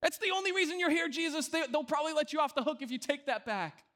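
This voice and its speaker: A man's voice: very high-pitched, fast, pushed and bright, pitched above the performer's own voice. A man voicing an exasperated Roman governor who pleads and bargains in a raised, strained voice while retelling a sermon story. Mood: bargaining. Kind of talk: sermon retelling with acted quotes.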